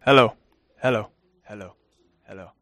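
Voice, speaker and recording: A young adult man with a softened Southern American accent, preaching as a guest pastor in a chatty, self-deprecating way with many fillers and restarts. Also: fairly low pitch, moderate pace. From southern United States. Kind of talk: sermon.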